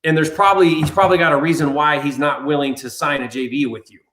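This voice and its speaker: A man's voice: a little high, fairly even intonation, fast talker, fairly bright tone. Questioning man in an echoey room. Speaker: co-host. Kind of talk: casual live-stream chat.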